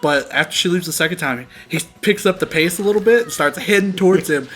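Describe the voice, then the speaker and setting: A man's voice: sits high, fast talker, fairly bright tone, soft background music. A young man co-hosting a game playthrough, telling a story casually with lots of swearing and laughter. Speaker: let's play co-host. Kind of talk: casual gaming chat.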